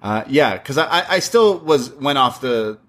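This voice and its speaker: A man's voice: medium pitch, expressive, moderate pace, fairly bright tone. A man casually recapping a wrestling show as podcast co-host, rambling and acting out the quotes. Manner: rambling, quotes people in their own voice.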